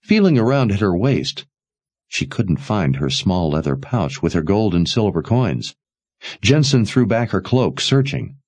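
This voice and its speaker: A man narrating a story in a dramatic, expressive way. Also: lowish voice, measured pace, breathy edge, no echo. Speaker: audiobook narrator. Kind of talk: scripted narration.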